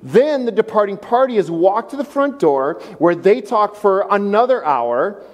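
A man's voice: sits high, big pitch swings, unhurried. A man preaching a sermon, playful and engaging the congregation, acting out voices. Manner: playful, audience-engaging, acts out quoted voices. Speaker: pastor. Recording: long reverb of a large hall.

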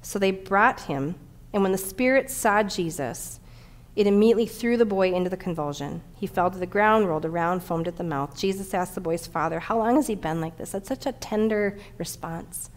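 A middle-aged woman pastor preaching a sermon, telling a personal story with animated, emotional delivery. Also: mid-range voice, normal speed.

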